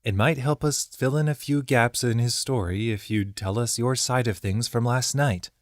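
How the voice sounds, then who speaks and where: A man's voice: mid-range voice, normal speed, no echo, studio quality, voice pushed up, close to an everyday voice. A man voicing a blunt, wry young woman adventurer in an audiobook. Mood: guarded.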